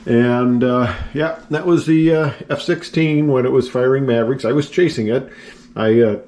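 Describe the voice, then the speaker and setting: A seventies-aged former pilot and engineer gives a rambling, casual tour of his home and attic office, filling it with fillers and self-deprecating remarks. He speaks in a mid-range, slightly mellow voice at a moderate pace.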